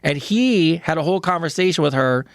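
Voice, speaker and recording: A man with a somewhat high voice talks frankly on a podcast, matter-of-fact and loose with swear words. His voice is recorded dry and close. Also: expressive, fairly quick, vocal fry, no echo. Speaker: co-host. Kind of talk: casual podcast chat.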